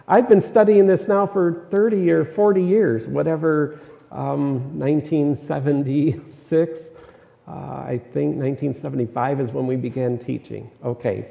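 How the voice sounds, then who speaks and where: A man's voice: medium pitch, vocal fry, dark tone. A middle-aged man preaching a sermon in a conversational, emphatic way, repeating his key phrases. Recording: dull sound with long hall reverb.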